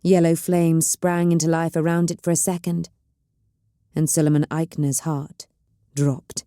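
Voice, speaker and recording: A woman telling a science fiction audiobook as calm, measured bedtime story narration. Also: low voice, no echo, clean studio sound.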